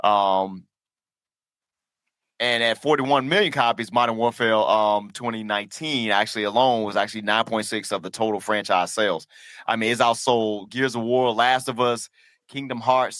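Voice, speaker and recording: A middle-aged man hosting a podcast in casual chat, telling stories in an animated, profane way. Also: medium pitch, moderate pace, no room sound. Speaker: podcast host.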